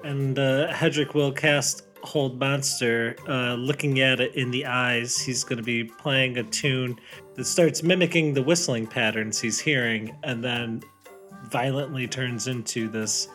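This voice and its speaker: A woman at a tabletop game calmly describes what her bard does. Her voice is strikingly low and unhurried, and it sounds bright. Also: soft background music. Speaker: player. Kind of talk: tabletop role-play.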